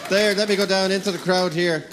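Irish guy hosting, chatty, slightly high voice, chatting with the audience. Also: fairly even intonation, a little fast, very noisy. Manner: chatty, laughing, talks to the crowd. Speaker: show host.

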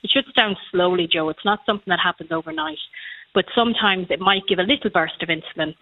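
A woman's voice: medium pitch, animated, fast, no room sound. A woman in her thirties with an Irish accent, calling a radio show and telling a personal story in a chatty way. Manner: chatty storytelling, acts out quotes. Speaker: caller. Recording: tinny phone line.

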